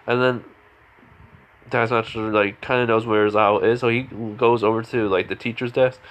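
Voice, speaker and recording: A man's voice: medium pitch, fairly even intonation, normal speed, a bit bright, highs cut off. A man casually retelling a fan story, rambling with many fillers and restarts.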